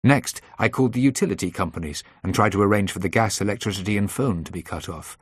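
A man reading a first-person audiobook in a measured, tense manner. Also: on the low side, slightly rough, dry recording, studio quality. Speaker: audiobook narrator. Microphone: close dry studio mic.

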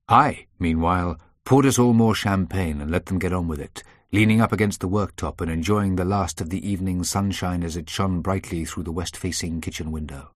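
A man narrating a story in a measured, tense way. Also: sits low, no echo, studio quality. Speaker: audiobook narrator. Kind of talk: scripted narration.

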